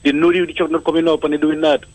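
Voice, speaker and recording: A man calls in to a radio show and earnestly lectures, driving his points home through repetition. His voice is a little high and the sound is dry and close, with no room around it. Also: little pitch movement, fast talker, darkish tone, dry recording, rough recording. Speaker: caller. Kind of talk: call-in comment.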